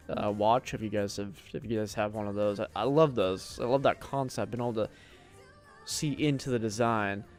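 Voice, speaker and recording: A man giving a casual tutorial voice-over of his design, thinking aloud and restarting his sentences often. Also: medium pitch. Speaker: game builder walking through his design.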